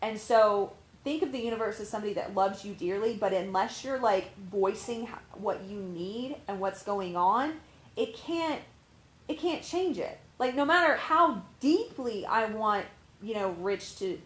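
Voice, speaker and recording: A life coach speaks to camera in an unhurried, expressive mid-range voice, captured in an echoey room with rough audio. She rambles through frank, casual advice, cursing openly and using lots of fillers.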